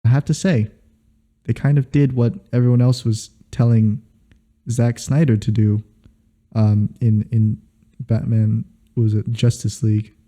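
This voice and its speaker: Very dark-voiced man in put-on British accent. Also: medium pitch, flat delivery, measured pace. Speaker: podcast co-host. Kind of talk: casual joking chat.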